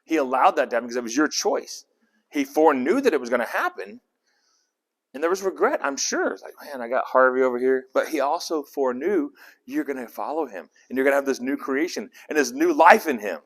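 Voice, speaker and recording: A man leading a casual Bible study, animated and conversational, often asking the group questions. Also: mid-range voice, brisk.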